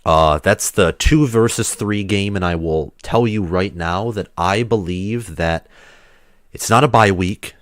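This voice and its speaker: A man's voice: deep voice, a little slow, no echo. A man hosting a livestream while sick, chatting in a rambling, casual way with loose restarts. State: sick, under the weather. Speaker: livestream host.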